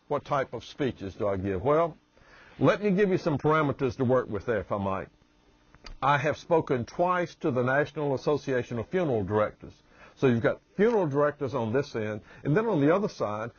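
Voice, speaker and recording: A Southern US man drawls slowly through a promotional self-introduction, his voice a little husky. The sound is dry and dull, like a lo-fi recording. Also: medium pitch, no echo. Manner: slow, drawling delivery. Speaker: humorist and motivational speaker.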